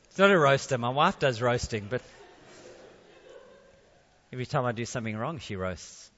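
A man's voice: medium pitch, animated, normal speed, fairly bright tone, big-room sound, lo-fi sound. A man preaching a sermon in a conversational way, with jokey asides.

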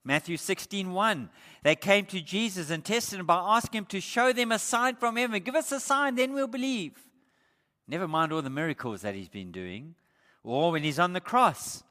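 A male pastor preaching an emphatic sermon, slowing down to stress key points. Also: high voice, lively intonation, bright, forceful tone. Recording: echoey hall.

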